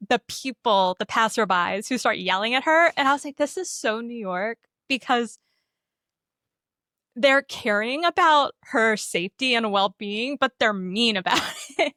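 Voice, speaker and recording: A woman's voice: on the high side, lively intonation, unhurried, bright, forceful tone, dry recording, clean studio sound. A young woman co-hosting a podcast, chatting casually and animatedly about a film and acting out the characters' lines. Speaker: podcast co-host. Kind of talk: casual chat recapping a movie.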